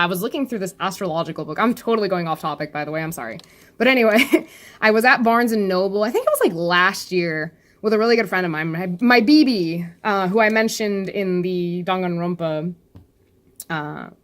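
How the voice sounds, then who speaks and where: A woman's voice: on the low side, a bit bright. A woman chatting casually about a webcomic, rambling off topic, laughing often and saying "like" a lot. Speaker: youtuber discussing a webcomic. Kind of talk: casual chat.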